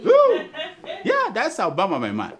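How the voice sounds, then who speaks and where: A man's voice: high voice, huge pitch swings, a little slow, over music. A man with a Nigerian accent hosting a satirical news show, cracking jokes and laughing through his commentary.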